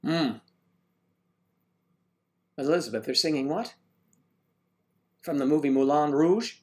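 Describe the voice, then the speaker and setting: A man's voice: fairly high pitch, slow pace. An older man hosting a casual livestream chat, reading viewer comments aloud in a jokey, teasing way. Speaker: livestream host.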